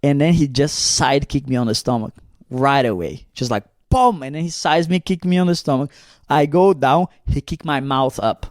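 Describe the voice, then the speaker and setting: A young man from Brazil co-hosting a podcast, telling a story in a casual, animated way, acting out the people in it and swearing freely. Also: mid-range voice, moderate pace, dry recording, studio quality. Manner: animated, acts out quoted voices, swears freely. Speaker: podcast co-host.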